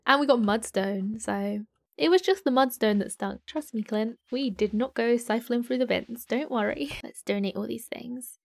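Young girl chatting over a farming game, kinda high voice, gasps and whispery asides, dry mic. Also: moderate pace, creaky, darkish tone, dry recording. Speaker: gaming YouTuber and streamer. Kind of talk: casual let's-play commentary.

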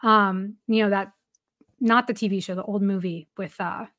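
A woman's voice: mid-range voice, steady tone, normal speed, a bit bright. A woman who is a baseball reporter, guesting on a podcast and telling a story casually with plenty of "like" fillers and some laughter.

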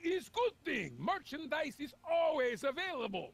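A man voicing a jittery shopkeeper faking a Russian manner, speaking broken English with a high, gravelly voice. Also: very animated, moderate pace, soft background music, exaggerated voice. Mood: gruff. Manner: broken English, drops articles.

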